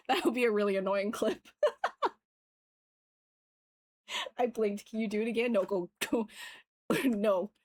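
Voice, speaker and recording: A woman's voice: medium pitch, fairly even intonation, a little slow, long pauses. A woman livestreaming as she sculpts, giving tips and chatting casually with viewers, jokey and swearing freely. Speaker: livestreamer sculpting digital art. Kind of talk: casual chat while demonstrating software.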